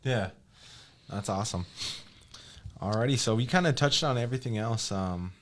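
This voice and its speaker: A man's voice: fairly low pitch, normal speed. A man hosting a podcast, easygoing and informal, with hesitant "um"s as he wraps up. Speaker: podcast host. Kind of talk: casual podcast chat.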